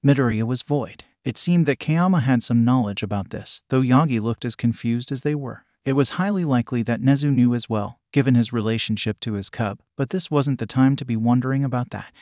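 A man narrating a fan fiction story with a steady, even delivery. His voice sits at a middle pitch and is recorded dry and close, with no room sound. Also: fairly quick, few pauses, no echo.

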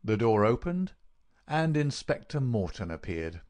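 A man narrating a story in a steady, clear reading for English learners. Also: medium pitch, a little slow.

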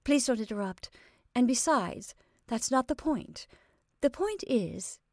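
A woman's voice: fairly high pitch, lively intonation, no room sound, studio quality, pitched above the performer's own voice. A woman voicing a playful, impulsive young woman who bubbles over with laughter. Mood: earnest. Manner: bright, bubbly, quick to laugh.

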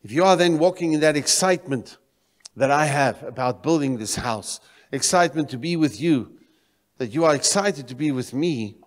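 A man from South Africa preaching a sermon in a church, swinging between loud exclamations and quiet, low emphasis. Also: lively intonation, moderate pace. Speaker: pastor. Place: church sanctuary. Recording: reverberant church hall.

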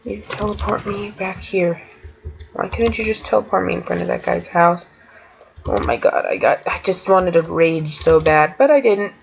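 A woman giving let's play commentary, excitable and quick to exclaim. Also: on the low side, vocal fry, lo-fi sound, slight background noise. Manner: exclaims often, giggly and excitable. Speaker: gamer playing an adventure map.

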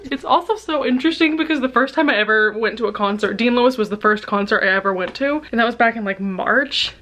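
A woman's voice: mid-range voice, fairly bright tone. A young woman vlogging about her reading in a chatty, rambling way, laughing often. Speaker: book vlogger. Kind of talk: casual chat.

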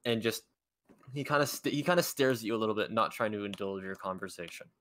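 Bright-voiced man running a tabletop game. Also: lowish voice. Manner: halting, restarts often while describing. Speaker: dungeon master. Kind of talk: narrating a tabletop game over voice chat.

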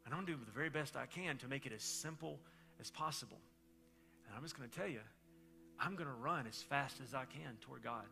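A middle-aged man preaching a sermon as pastor, telling stories in a loose, conversational way and swinging between loud bursts and hushed moments. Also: medium pitch, brisk, gravelly, faint music behind.

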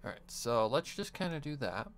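Gravelly man muttering while editing audio. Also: mid-range voice, big pitch swings, moderate pace, a little hiss or hum. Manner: muttering to himself while working. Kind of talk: casual live-stream talk.

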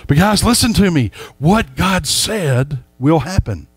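Folksy pastor preaching. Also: male voice, on the high side, lively intonation, unhurried, husky, no room sound. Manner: folksy, emphatic, addresses the congregation directly. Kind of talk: sermon.

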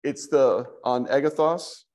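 In a church classroom, a man teaches Greek slowly and patiently, thinking out loud with fillers as he explains. His voice is medium in pitch with a darkish tone.

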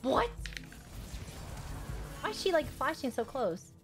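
A young adult woman chatting casually and excitably while commentating her own gameplay, quick to laugh and to yell at the screen. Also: high voice, music in the background. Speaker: gaming streamer.

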